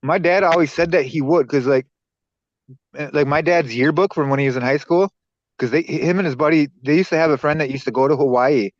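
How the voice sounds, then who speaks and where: A man's voice: fairly high pitch, a little fast, no room sound. Rambling, swearing man on a dull mic. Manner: rambling storyteller, swears a lot. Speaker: podcast co-host. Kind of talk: casual chat. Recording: dull dry lo-fi sound.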